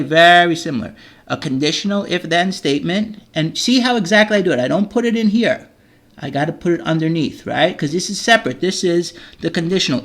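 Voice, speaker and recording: A man's voice: on the high side, a bit bright. A man teaching a children's coding lesson over a screen recording, explaining step by step and checking in with "okay?" as he goes.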